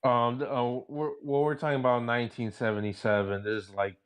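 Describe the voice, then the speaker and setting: A man co-hosting a casual political chat, speaking in a measured, hesitant way with fillers. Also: mid-range voice, flat delivery, clean tone. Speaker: podcast co-host.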